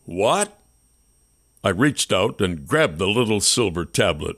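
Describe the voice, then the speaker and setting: A man with a low voice reads a first-person audiobook. His pitch rises and falls freely as he builds the suspense of the story. His storytelling is expressive and tense. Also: normal speed, no room sound, studio quality. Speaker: audiobook narrator.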